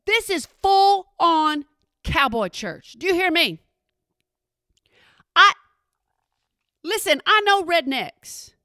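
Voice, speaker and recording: A woman's voice: very high voice, animated, slow, long pauses, pushed and bright, dry recording, clean studio sound. A woman from Texas with a Texan accent, telling a chatty story and asking again and again if you hear her. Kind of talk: storytelling monologue.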